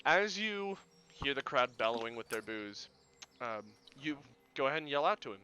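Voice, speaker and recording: A man who is the game master, narrating a tabletop game in a relaxed, chatty way with fillers. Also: medium pitch, a little fast, dull audio, slight background noise.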